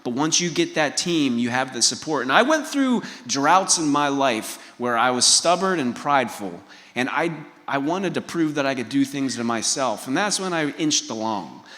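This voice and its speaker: A man's voice: mid-range voice, big pitch swings, moderate pace, bright, forceful tone, big-room sound. A man giving a motivational keynote, telling a personal story and asking the audience direct questions. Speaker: keynote speaker. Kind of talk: motivational talk.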